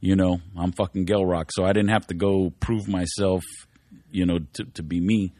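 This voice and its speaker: A man's voice: low voice, level tone, normal speed, warm tone, dry recording, clean studio sound. A man talking in a casual podcast interview, laid-back and swearing freely as he rambles through stories. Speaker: guest rapper. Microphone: studio microphone.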